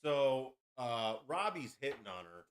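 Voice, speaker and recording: Male podcast host, boastful and crude, lively pitch swings. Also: measured pace. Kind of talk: casual storytelling.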